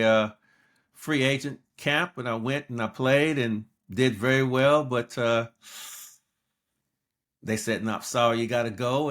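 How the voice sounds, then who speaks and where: Guy in his 60s from LA, spinning stories on a podcast, average pitch. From Los Angeles, United States. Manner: animated storyteller, acts out quoted lines. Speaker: guest. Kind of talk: storytelling interview.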